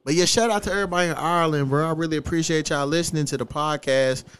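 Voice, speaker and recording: Profane, animated man hosting. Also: fairly high pitch, rapid-fire, clear, resonant tone. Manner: profane, animated, laughing often. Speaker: podcast host. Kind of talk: casual podcast chat.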